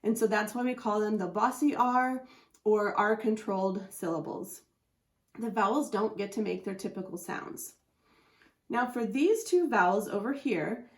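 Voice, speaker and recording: Patient woman teaching phonics, echoey room. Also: mid-range voice. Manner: patient, slowly sounds out letters and syllables. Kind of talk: phonics lesson explaining a chart.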